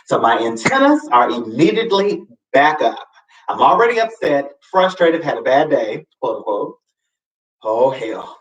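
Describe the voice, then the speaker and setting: A man hosting a live show, telling a personal story in a casual, expressive way with sassy asides and sudden high swoops for emphasis. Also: normal speed. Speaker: host. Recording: roomy, slightly distant mic.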